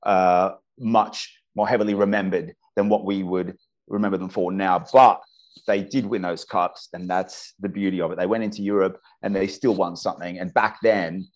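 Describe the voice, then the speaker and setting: A man's voice: sits low, steady tone, normal speed. A man from Australia with an Australian accent, a football commentator talking enthusiastically and restarting his sentences often on a casual podcast.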